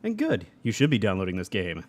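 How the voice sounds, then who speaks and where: A man's voice: on the low side, huge pitch swings, fairly quick. A young adult man streaming a game live, chatting casually, reading chat aloud and laughing often.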